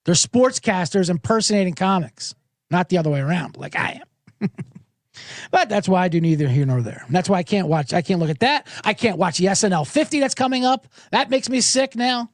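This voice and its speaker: A man's voice: high-pitched, expressive, brisk, no echo, studio quality. A middle-aged man hosting a podcast, ranting in a sarcastic comedic monologue and swearing freely. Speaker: podcast host.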